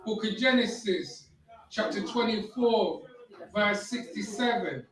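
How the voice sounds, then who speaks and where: Distant slow man reading scripture. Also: sits high, fairly bright tone. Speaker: scripture reader. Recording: roomy, distant from mic.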